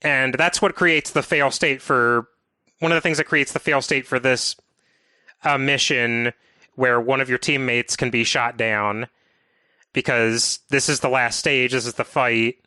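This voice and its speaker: Podcast host, male, bright and smooth voice, dry close sound, methodical recapper. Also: mid-range voice, steady tone, measured pace, no echo. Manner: detailed, methodical game walkthrough talk. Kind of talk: casual podcast chat.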